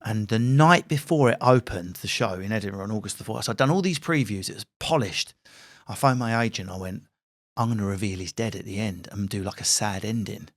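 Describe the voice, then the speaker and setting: A man in his forties from England, a comedian guest telling lively anecdotes with plenty of swearing in a podcast interview. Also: fairly low pitch, brisk. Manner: animated, sweary anecdotal storyteller.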